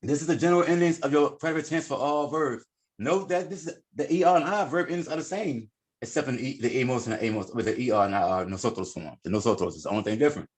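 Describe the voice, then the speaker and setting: A man's voice: mid-range voice, fast, roomy sound. A man teaching a class at a board, explaining informally and correcting himself as he goes. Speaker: Spanish teacher.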